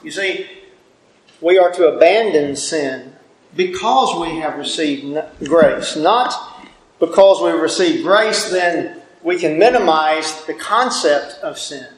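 A man's voice: on the high side, lively intonation, a little slow, a bit bright. A man preaching a sermon in an earnest tone, often repeating words as he presses a point. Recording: echoey room.

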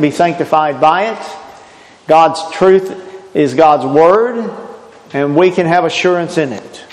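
A man's voice: high-pitched, in a large hall, rough recording. A man preaching a sermon, earnest and emphatic, often restarting his phrases.

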